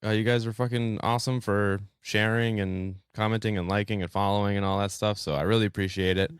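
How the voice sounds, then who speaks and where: A man's voice: lowish voice, steady tone, fairly quick, clear, resonant tone, dry recording, clean studio sound. A young man hosting a casual podcast, laid-back, swearing freely and laughing often. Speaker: podcast host.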